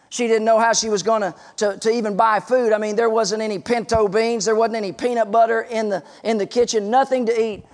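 A man in his forties preaching a sermon, telling a story and stressing points emphatically. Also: high-pitched. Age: 40s. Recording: long reverb in a large hall.

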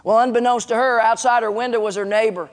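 A man's voice: very high voice, fairly even intonation, fast talker. A man in his forties preaching a sermon, telling a story and stressing points emphatically. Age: 40s. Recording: long reverb in a large hall.

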